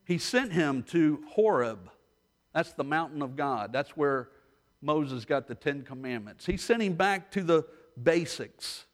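A man preaching a sermon as pastor, telling stories and moving between hushed asides and rising intensity. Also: on the high side, lively intonation, a little slow. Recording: long hall reverb.

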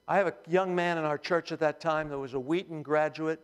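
A man's voice: fairly high pitch, steady tone, fairly quick, hardly any pauses, clean tone. A male pastor preaching a sermon, telling the story with animation and humor, in a church hall. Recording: long hall reverb.

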